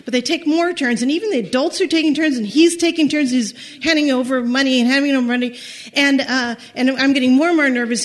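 Woman storyteller, high voice, halting and repetitive, chuckling through her own tale. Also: a bit bright. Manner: halting, repeats words, laughs through the telling. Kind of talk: personal storytelling.

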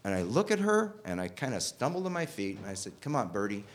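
A man telling a personal story, animated, swinging from loud bursts to hushed asides. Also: medium pitch, fast talker, slight background noise.

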